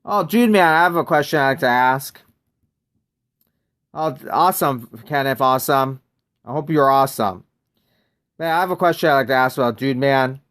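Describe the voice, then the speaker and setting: This American game streamer keeps a relaxed live broadcast going, greeting viewers by name and meandering from one side comment to another. His smooth, clear, mid-range voice is a bit bright, at a moderate pace with frequent pauses, heard close to a desk mic.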